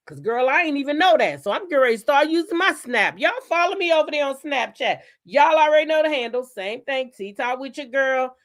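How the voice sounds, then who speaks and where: A woman hosting her own channel, telling stories in a blunt, profane, animated style. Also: high-pitched, fairly quick, hardly any pauses. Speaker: channel host. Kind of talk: casual commentary chat.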